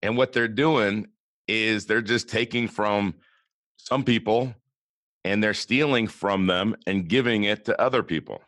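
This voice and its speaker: A man's voice: fairly low pitch, unhurried, a bit bright, no echo, clean studio sound. A man with a West Coast American accent, co-hosting a podcast in casual chat and often asking rhetorical questions. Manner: conversational, asks rhetorical questions. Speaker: podcast co-host.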